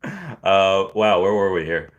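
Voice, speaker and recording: Low-voiced man rambling on a livestream. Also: big pitch swings, slow, muffled recording. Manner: rambling, reads viewer comments aloud with many fillers. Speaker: livestream host. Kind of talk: casual livestream chat.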